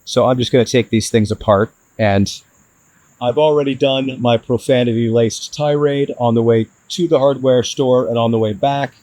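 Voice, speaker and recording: A man vlogging his van build to the camera, frustrated and hard on himself, with halting restarts. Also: mid-range voice, fairly even intonation, a little mellow, no echo, poor audio. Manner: frustrated, self-critical, talks in restarts. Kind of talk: casual DIY vlog talk to camera.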